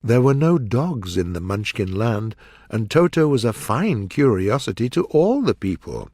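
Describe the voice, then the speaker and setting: A man reading a children's story aloud in a clear, measured way. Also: medium pitch, very animated, a little mellow, no room sound, clean studio sound. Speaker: audiobook narrator. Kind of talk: storybook narration for learners.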